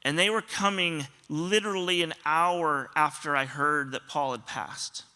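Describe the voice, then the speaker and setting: A man's voice: a little high, measured pace, bright, forceful tone, clear, resonant tone. A man pastor giving a sermon, telling stories earnestly and often quoting other people. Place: church auditorium.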